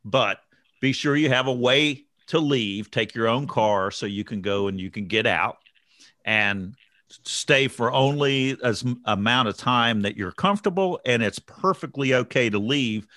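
A man talking in a relaxed group chat, reflective and earnest, laughing easily. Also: medium pitch, measured pace, dry recording, clean studio sound. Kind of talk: casual group chat on recovery.

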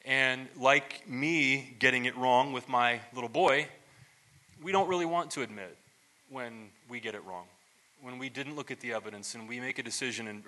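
A pastor with a very bright, sharp-edged voice preaches in an easy, chatty way. He talks in loose stories full of restarts and little asides and pokes fun at himself as he goes. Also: mid-range voice. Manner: relaxed storytelling, many restarts and asides; self-deprecating humor. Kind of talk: conversational sermon.

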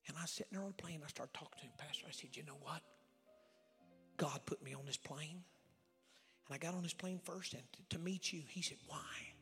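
Gravelly, bright-voiced evangelist man preaching. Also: a little high, brisk, big-room sound, soft background music. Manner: dramatic storytelling, swinging from loud outbursts to hushed whispers; folksy, acts out dialogue. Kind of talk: sermon. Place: church sanctuary.

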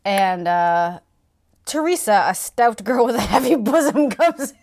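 A woman's voice: fairly high pitch, animated, measured pace, creaky, a little mellow. A woman co-hosting a casual book discussion, wry and giggly, often trailing off mid-thought. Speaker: podcast co-host.

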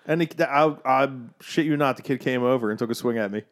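A man's voice: mid-range voice, a little fast. A man co-hosting a casual podcast chat, telling profane stories and acting out the voices of people he quotes. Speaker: podcast co-host.

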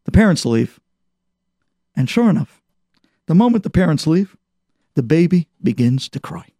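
A man preaching a sermon as an animated parable, acting out the characters. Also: fairly high pitch, moderate pace, dry recording, clean studio sound. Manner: animated parable-telling with voices. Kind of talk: storytelling sermon.

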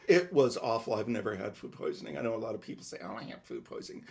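A man's voice: mid-range voice, animated, fast, gravelly, hardly any pauses. A man co-hosting a podcast, telling long rambling stories in casual chat, with self-mocking asides. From Midwest United States. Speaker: podcast co-host.

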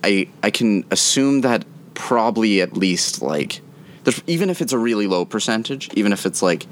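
Deep-voiced man, rambling podcast co-host. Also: expressive, normal speed, a little hiss or hum. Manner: hesitant, rambling with many restarts. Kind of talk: casual chat.

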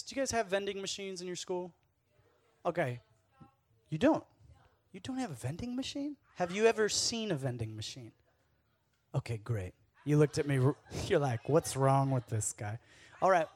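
Animated man preaching to a youth camp. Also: on the high side. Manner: energetic, jokey storytelling with asides to the audience. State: sweating, worked up. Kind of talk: casual youth sermon.

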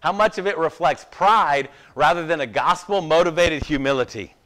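A man's voice: a little high, normal speed, fairly bright tone. A man preaching a sermon in a casual, conversational way, with self-deprecating asides and a habit of checking in with "okay?". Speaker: pastor.

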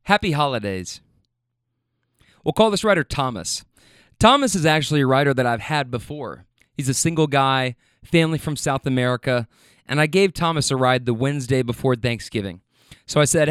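A man who drives for a rideshare service, telling a story in a casual, animated way, full of fillers and swearing. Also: medium pitch, normal speed, clean tone, dry recording, studio quality.

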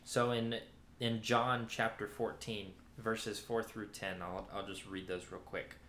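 A man with a fairly low voice gives a relaxed, sermon-style Bible lesson. He talks loosely and conversationally, with plenty of "um"s and self-corrections. His voice carries the roomy echo of a reverberant space. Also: a little slow, slight background noise. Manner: conversational, many fillers and restarts. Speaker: Bible teacher. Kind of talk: casual sermon-style teaching. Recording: roomy echoey room.

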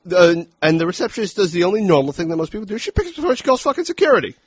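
A man's voice: high voice, sing-song, very fast, breathy edge, no room sound. A man co-hosting a film review podcast, talking casually and profanely, acting out lines from the movie. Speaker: podcast co-host.

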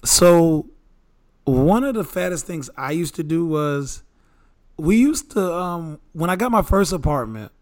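A man in casual podcast chat who talks in halting bursts with fillers. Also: fairly high pitch, lively intonation. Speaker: podcast co-host.

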